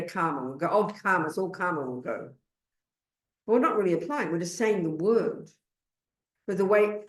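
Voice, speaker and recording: A woman with an Australian accent giving a Buddhist dharma talk in an animated, blunt and emphatic way. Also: mid-range voice, reverberant. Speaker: Buddhist teacher.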